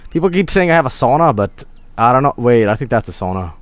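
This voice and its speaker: A man streaming a game, joking loudly, swearing often and hamming up being drunk. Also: big pitch swings, fast, no room sound. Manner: plays at being drunk, loud swings of pitch. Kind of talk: let's-play commentary.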